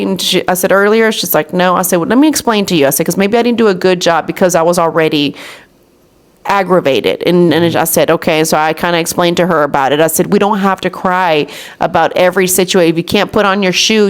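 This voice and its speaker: A woman in her thirties hosting a podcast, talking casually and retelling conversations with her young daughter. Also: on the low side. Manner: chatty, retells talks with her daughter, says "you know what I'm saying" often. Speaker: podcast host. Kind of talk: casual chat.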